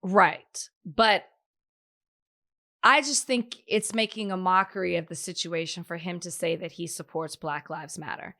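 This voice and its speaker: A woman's voice: lowish voice, steady tone, a little slow, bright, forceful tone. A woman co-hosting a podcast, speaking in an earnest, emphatic, opinionated way. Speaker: podcast co-host. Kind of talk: casual podcast chat.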